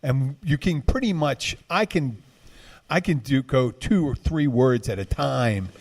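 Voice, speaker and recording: A man's voice: mid-range voice, expressive, unhurried, darkish tone. A man co-hosting a podcast, chatting casually and rambling with many restarts. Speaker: podcast co-host. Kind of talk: casual chat.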